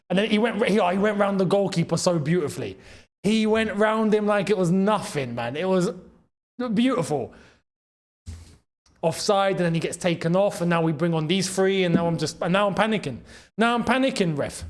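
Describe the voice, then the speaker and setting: Excitable high-voiced football watchalong host. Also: male voice, normal speed. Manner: excitable, shouting at big chances then groaning; chatty, reads out and thanks chat members. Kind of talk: live match reaction commentary.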